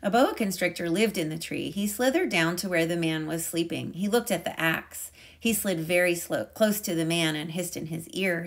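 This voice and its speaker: A woman teacher reading a picture book aloud to a class in a calm, measured way. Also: lowish voice.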